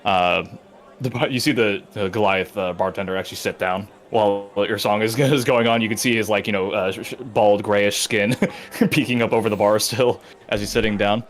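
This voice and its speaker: Low-voiced man narrating as game master. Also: steady tone. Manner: halting, full of uh and like, self-correcting.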